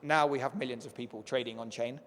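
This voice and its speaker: Guy talking fast on a conference panel, kinda hoarse, echoey big hall. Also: medium pitch, fairly even intonation, a bit bright. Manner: rapid, explanatory, with filler words. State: losing his voice, clearing throat. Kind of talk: panel discussion. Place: conference stage.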